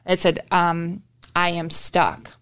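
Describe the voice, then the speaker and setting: A woman's voice: on the low side, little pitch movement, takes it slowly, fairly bright tone, smooth. A young woman co-hosting a podcast, telling a story in casual chat with lots of swearing. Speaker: podcast co-host.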